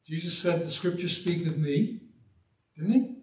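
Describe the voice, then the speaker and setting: An older English preacher with a softened West Midlands accent delivers a sermon in a folksy, emphatic way, breaking into small chuckles. His voice sits a little higher than most men's. It is picked up from some distance in a roomy church hall. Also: measured pace. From Black Country, West Midlands of England.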